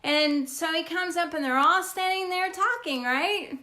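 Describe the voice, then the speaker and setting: A woman's voice: very high voice, measured pace, bright, forceful tone. A middle-aged woman, a real estate agent, casually telling funny stories from her job and laughing often. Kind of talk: casual storytelling to camera.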